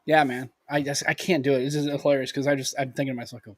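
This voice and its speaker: An American man co-hosting a podcast, telling stories in a chatty, animated way. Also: mid-range voice, rapid-fire, dry recording. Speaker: podcast co-host. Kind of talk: casual chat.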